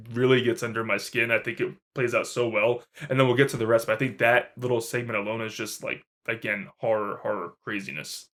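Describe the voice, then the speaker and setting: A man co-hosting a podcast, chatting casually and excitedly about a horror film, swearing freely. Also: mid-range voice. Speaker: podcast co-host. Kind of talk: casual movie review chat.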